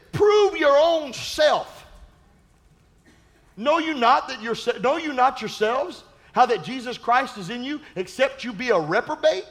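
This sermon comes from a male pastor whose pitch is extremely high. He's emphatic and repeats himself, dropping in playful asides and abruptly shouting at peak moments.

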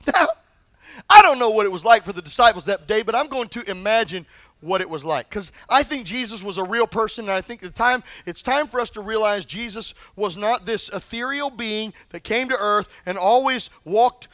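A male pastor preaching a sermon in an animated, humorous storytelling manner. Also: sits high, normal speed, no room sound.

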